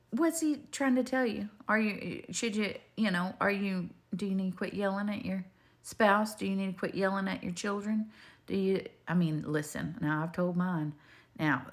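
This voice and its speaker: An older woman, talking straight to her viewers in a rambling, homespun faith video full of digressions. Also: mid-range voice. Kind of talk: rambling faith testimony to camera.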